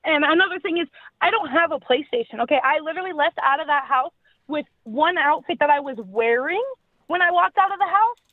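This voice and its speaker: A woman's voice: sits high, animated, a little fast, no room sound. A woman on a phone call, arguing back angrily and defiantly, with sarcasm and heavy swearing. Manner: angry, defiant, sarcastic, profane. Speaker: prank call target. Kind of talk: heated phone argument. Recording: tinny dry phone line.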